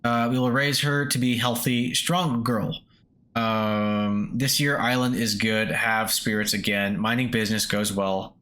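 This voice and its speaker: A man's voice: on the low side, steady tone, a little slow, a bit bright. A man voicing an old male miner reading his journal aloud in broken English with a Russian accent. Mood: wistful.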